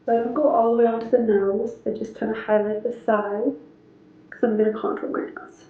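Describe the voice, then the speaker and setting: Hoarse young woman in an echoey room. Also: fairly high pitch, little pitch movement, fairly quick, narrow, tinny audio. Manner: chatty, walks through each step. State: hoarse from a cold. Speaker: beauty vlogger. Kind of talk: casual makeup tutorial. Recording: echoey room, faint background music.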